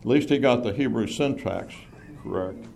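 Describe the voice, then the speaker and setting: Man giving a measured Bible lecture. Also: mid-range voice, creaky, darkish tone, slight background noise. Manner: measured, explanatory, emphasizes key phrases. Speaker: Bible teacher.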